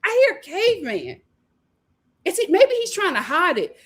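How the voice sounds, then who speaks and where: A woman hosting a casual livestream, reading viewer comments aloud, animated and laughing often as she talks. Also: extremely high pitch, measured pace. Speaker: host of a reality TV review livestream.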